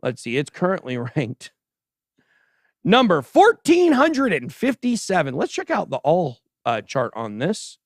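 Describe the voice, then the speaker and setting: A man hosting a casual livestream crypto show, giving animated and sarcastic commentary as he chats with a co-host and the live chat. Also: fairly high pitch, a little slow, no room sound, clean studio sound. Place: show studio stage.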